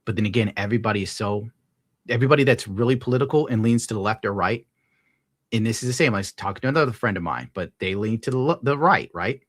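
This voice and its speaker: A man's voice: on the low side, fast talker, no room sound, clean studio sound. A young man streaming, casually ranting and reading donations, profane and rambling. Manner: profane, rambling, laid-back. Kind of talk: casual rant to viewers.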